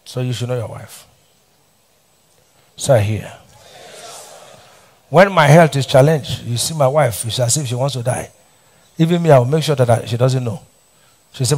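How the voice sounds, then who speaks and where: A man's voice: medium pitch, normal speed, pauses often, darkish tone. A middle-aged Nigerian man preaching a sermon as pastor, repeating lines and tossing questions back to the congregation. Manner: preaching with call-and-response questions and repetition. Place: church hall.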